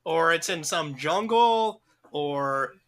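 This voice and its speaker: A man's voice: fairly high pitch, animated, slow pace, a bit bright, slight background noise. A man co-hosting a podcast, rambling through crude jokes with lots of swearing. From United States. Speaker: podcast co-host. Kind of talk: casual comedic chat.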